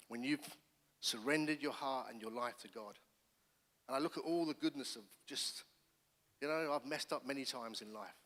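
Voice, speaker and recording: A middle-aged man shares his testimony from the pulpit, his voice bright and forceful. He tells the story in an animated way, restarting phrases as he goes. The sound rings out with the long reverb of a church hall. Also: mid-range voice. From England. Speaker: pastor. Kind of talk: personal testimony sermon.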